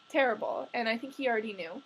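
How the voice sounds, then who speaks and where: Young woman with a gravelly, fried voice. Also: on the high side, steady tone, moderate pace, rough recording. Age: young adult. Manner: chatty, full of "like" fillers, emotional and candid. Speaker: storyteller sharing a personal story. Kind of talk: confessional personal storytelling.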